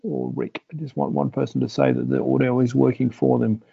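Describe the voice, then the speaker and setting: A man's voice: medium pitch, little pitch movement, brisk, vocal fry, slightly rough, dry recording, muffled recording. A man hosting a webinar, talking in a rambling way with many "uh" and "um" fillers. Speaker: host. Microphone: video call.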